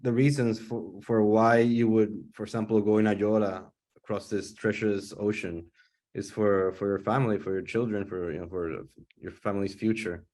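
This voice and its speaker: A man's voice: lowish voice, fairly even intonation, moderate pace, darkish tone. A young man and father talking about his film on a panel, thinking aloud and searching for words. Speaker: filmmaker. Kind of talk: casual panel discussion.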